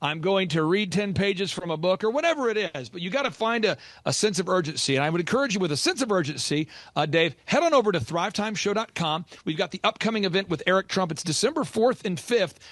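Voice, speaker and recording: A man's voice: high voice, very animated, quick pace, few pauses, fairly bright tone, no echo. A man talking as a business coach on a podcast, emphatic and urgent, repeating key lines for stress. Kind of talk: motivational podcast talk.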